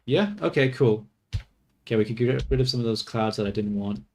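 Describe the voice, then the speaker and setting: A man streams his 3D work, casually thinking aloud to himself, swearing offhand and laughing at his mistakes. His voice is medium-pitched and fairly quick, with slight background noise.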